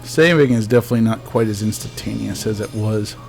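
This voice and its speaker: A man's voice: on the low side, a little fast, creaky, a little mellow, soft background music. A man giving casual let's-play commentary as a game streamer, chatty and joking, talking back to the ghosts on screen.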